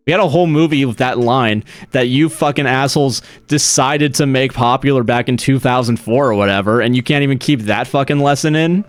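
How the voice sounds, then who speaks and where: A young American man streams casual chat over faint music, rambling, swearing and laughing often. His medium-pitched voice has a clean tone and moves fairly quickly with hardly any pauses.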